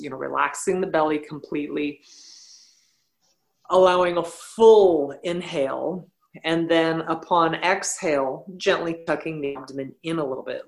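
Low-voiced woman, blunt yoga teacher. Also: gravelly, rough recording. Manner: blunt, animated storytelling. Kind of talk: casual podcast conversation.

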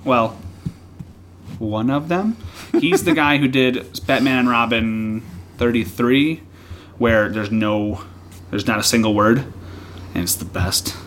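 Excitable rambling man, faint hiss. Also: mid-range voice, takes it slowly, long pauses. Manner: excited, rambling, laughs often, trails off. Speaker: podcast co-host. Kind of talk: casual chat about comics.

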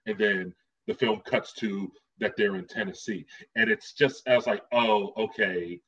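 A man's voice: lowish voice, steady tone, normal speed, fairly bright tone, husky. A man co-hosting a podcast, chatting about films hesitantly, with many fillers. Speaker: podcast co-host. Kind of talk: casual film discussion. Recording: dull lo-fi audio.

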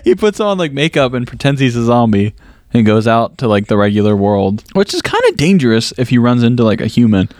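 A man's voice: mid-range voice, sing-song, a little fast, a little mellow, dry recording, studio quality. A man co-hosting a casual movie podcast, recapping plot in a rambling way full of fillers and laughs. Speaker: podcast co-host. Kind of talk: casual movie review chat.

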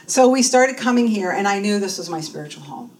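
A woman in her fifties, a church speaker and minister in training, gives a personal testimony at church, acting out the voices of people she quotes. Her mid-range voice is animated, brisk and a little mellow. The recording picks her up from a distance in a room, with faint noise.

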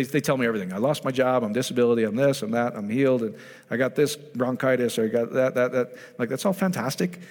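A man preaching a sermon in a lively storytelling way, acting out the voices of the people he talks about. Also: medium pitch. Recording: long hall reverb.

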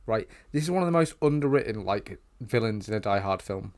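A man's voice: lowish voice, expressive, brisk, a little mellow. A man co-hosting a podcast, giving sardonic, opinionated rants in casual chat. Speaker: podcast co-host.

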